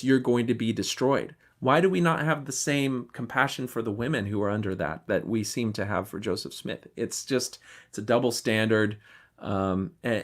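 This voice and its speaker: Male podcast host, mid-pitched voice, relaxed critical commentary. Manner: conversational and critical, with ums and throat-clearing. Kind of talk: casual commentary.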